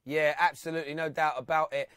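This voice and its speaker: Brief: male phone-in host, lively and chatty, higher voice, dry mic. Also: fast, smooth, no echo. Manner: excitable, reads out fan comments and stats. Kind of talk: live fan phone-in chat.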